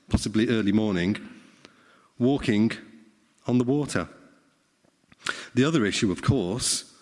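A middle-aged man, preaching a sermon in a conversational way and often asking the congregation questions. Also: medium pitch. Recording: long hall reverb.

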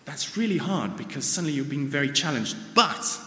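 A man's voice: on the high side, expressive, brisk, sharp tone. South African man preaching in an echoey hall. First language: Afrikaans. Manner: informal personal storytelling. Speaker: church speaker. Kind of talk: sermon. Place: church. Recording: reverberant church hall.

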